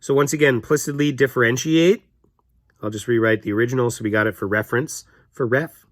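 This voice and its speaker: Casual male teacher, 30s, chatty walkthrough, thinks aloud, mid pitch. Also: fast, no room sound, studio quality. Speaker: math teacher. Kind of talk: recorded classroom lesson walkthrough.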